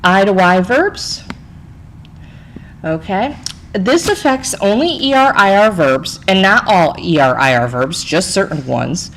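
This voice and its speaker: A woman's voice: medium pitch, expressive, unhurried, fairly bright tone, rough recording. A woman Spanish teacher narrating a recorded slide lesson, chatty, explaining step by step and checking in with "okay?".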